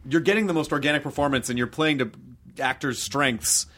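Man, interviewer, casual talk, middle pitch, eager reactions. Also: fairly quick, fairly bright tone.

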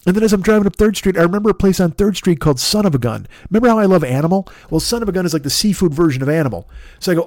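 A man hosting a podcast, telling a long, animated, profane story in a casual way and acting out the back-and-forth dialogue. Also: high-pitched, racing, no room sound, clean studio sound. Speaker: podcast host.

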